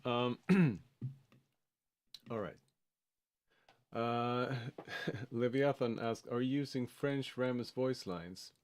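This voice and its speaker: A Swedish music producer talks casually on a livestream, his mid-range voice extremely slow with frequent pauses. He sounds hesitant, full of fillers and restarts.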